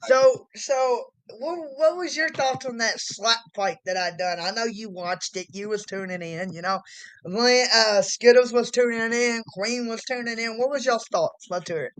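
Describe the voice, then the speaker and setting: A woman with a high, bright-pitched voice hosts a loose, foul-mouthed interview. She tells her stories loudly, breaks into laughter and acts out what other people said, keeping the chat relaxed. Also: moderate pace, clear, resonant tone, poor audio. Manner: loud, laughing storyteller who acts out others' lines. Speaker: host. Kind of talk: casual profane interview chat.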